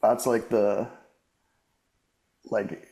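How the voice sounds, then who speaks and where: A man's voice: on the low side, flat delivery, very slow, mellow. A man co-hosting a casual fantasy football podcast, laid-back and swearing freely, laughing easily as he talks. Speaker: podcast co-host. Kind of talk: casual chat. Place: living in Australia.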